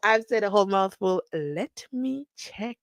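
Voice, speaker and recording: A woman's voice: medium pitch, expressive, measured pace, dry recording. A young woman from Namibia, hosting a chatty, sarcastic commentary channel that reacts to a court trial. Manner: chatty, sarcastic, acts out the people she quotes.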